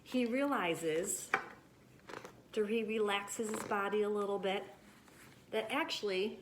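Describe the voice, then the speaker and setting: A woman teaching children after reading a picture book, gentle and encouraging as she talks straight to them about handling disappointment. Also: mid-range voice, a little slow, pauses often, a little hiss or hum.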